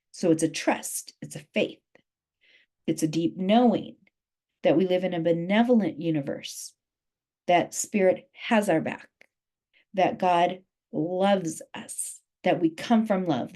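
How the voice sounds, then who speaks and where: A woman's voice: on the low side, mellow. A woman life coach giving a motivational talk on a group video call, emphatic and often repeating her key phrases.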